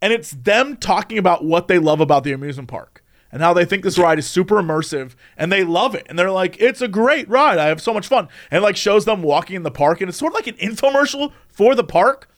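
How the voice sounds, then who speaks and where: A man in casual conversation, recounting a strange recurring dream with lively delivery and frequent laughs. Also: high voice, quick pace. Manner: animated, acts out quoted voices, laughs often. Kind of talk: casual storytelling chat.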